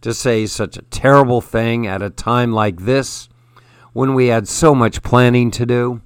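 A man narrating a story in the first person, in a measured, earnest way. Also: mid-range voice, steady tone, smooth, no echo, studio quality. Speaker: audiobook narrator.

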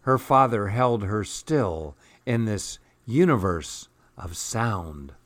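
A man reading children's picture books aloud in a gentle, measured, soothing way. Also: fairly low pitch, animated, no echo. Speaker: storyteller. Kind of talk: children's storybook read-aloud.

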